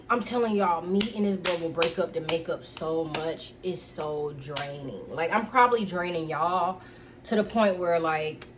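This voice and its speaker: A woman's voice: fairly low pitch, a bit bright, slight background noise. A young woman vlogger telling a personal story to her viewers in a candid, casual and profane way.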